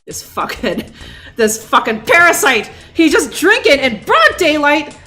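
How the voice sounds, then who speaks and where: A woman streamer rambles sarcastically through live commentary on a game, laughing along the way. Her voice is high and bright and swings widely in pitch, with faint game music running behind her. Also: sing-song, unhurried.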